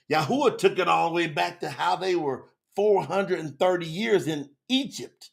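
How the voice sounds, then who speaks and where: A middle-aged man teaches scripture to a live online audience. His voice sits high and carries a gravelly fry, and he moves between fervent shouts and hushed, intimate asides. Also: moderate pace, hardly any pauses. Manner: fervent, preacherly, big swings from loud to hushed.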